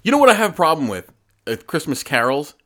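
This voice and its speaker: Podcast cohost guy, wisecracks, pitch jumps all over. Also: big pitch swings, quick pace, fairly bright tone. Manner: wisecracking, plays dumb for laughs. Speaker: podcast co-host. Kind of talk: casual chat.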